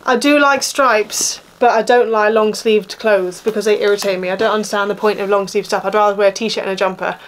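A woman's voice: mid-range voice, fairly even intonation, fairly quick, few pauses, a little hiss or hum. A woman in her thirties with an Essex accent, chatting casually and complaining through a clothing haul. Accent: Essex English. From England. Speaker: vlogger.

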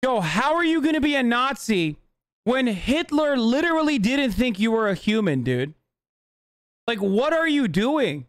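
A man streaming a casual reaction, talking in a profane, sarcastic, rapid-fire way into a close desk mic. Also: extremely high pitch, very animated, no room sound.

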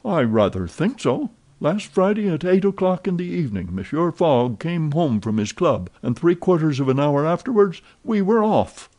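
A man's voice: a little high, big pitch swings, normal speed, few pauses, warm tone, pitched above the performer's own voice. A man voicing an eager chatterbox French valet. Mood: excited chatter. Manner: eager, voluble, exclamatory. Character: excitable chatty French manservant, young man.

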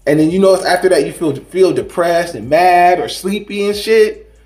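A man's voice: sits high, normal speed, a little mellow, reverberant. A man giving a rambling, preachy spiritual monologue in a casual vlog, full of slang and restarts. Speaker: spiritual vlogger.

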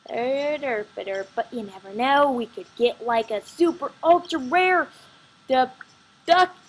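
A woman chatting excitedly and rambling with lots of fillers while playing a computer game at home, recorded on her computer microphone. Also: high-pitched, measured pace, rough recording. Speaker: gaming vlogger.

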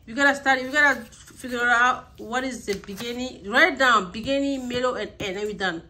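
A woman's voice: on the high side, fairly quick, bright, forceful tone, slight background noise. A young mother at home giving her child a patient, coaxing lesson and repeating praise.

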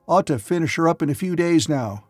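A man's voice: on the high side, animated, a little fast, dry recording, faint music behind, voice pushed up. A man narrator voicing a tired young working man calling back to a friend. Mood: weary.

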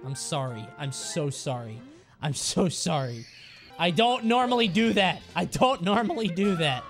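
Male game streamer, live commentary, playful and sweary, animated pitch, faint music behind. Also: unhurried.

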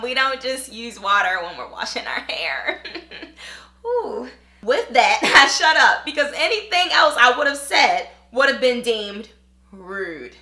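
A chatty woman vlogger with a high, lively voice that swoops all over, reading out a viewer's email and talking right to her audience. Her tone is bright and sharp, and the room has an echo. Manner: chatty and animated, talks straight to viewers. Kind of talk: casual chat reading an email aloud.

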